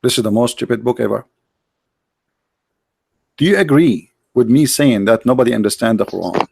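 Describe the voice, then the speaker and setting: Arabic-accented guy, gravelly voice, keeps pushing his question, dry sound. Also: medium pitch, expressive, normal speed, darkish tone, dry recording. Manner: pressing, repeats questions. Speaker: debate host. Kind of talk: argumentative debate.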